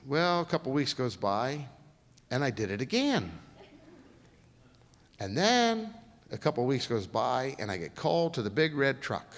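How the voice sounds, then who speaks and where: A man's voice: medium pitch, a little slow, pauses often. Folksy guy telling stories at a lecture, voice jumps all over, big echoey hall. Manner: folksy, animated storyteller acting out quotes. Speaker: guest speaker. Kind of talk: storytelling lecture.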